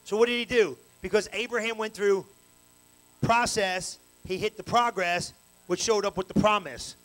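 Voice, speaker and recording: A male pastor preaching a live evening sermon in church on a handheld mic, animated and colloquial with call-and-response. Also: sits high, normal speed, poor audio. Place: church sanctuary, live service. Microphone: handheld microphone.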